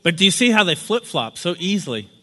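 A man's voice: high-pitched, sing-song, a little fast, bright, forceful tone, big-room sound. A man giving a casual workshop lecture in a sunlit room, talking conversationally and often saying "you know". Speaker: workshop instructor.

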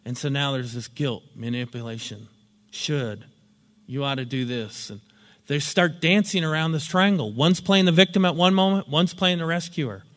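A man with a fairly high voice explains ideas through a story, in a lecturing, storytelling manner. A long hall reverb trails each phrase. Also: lively intonation, moderate pace, fairly bright tone. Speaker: teacher. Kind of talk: spoken lecture with acted examples.

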